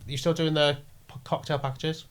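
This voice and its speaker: A man's voice: on the high side, moderate pace. Male podcast host, easygoing, asks prompting questions. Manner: relaxed, supportive, laughs along and prompts with questions. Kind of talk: casual interview chat.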